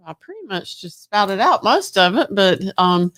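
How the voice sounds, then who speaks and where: A woman's voice: medium pitch, big pitch swings, measured pace, fairly bright tone. A woman real estate agent co-hosting a casual chat, hesitant and full of ums.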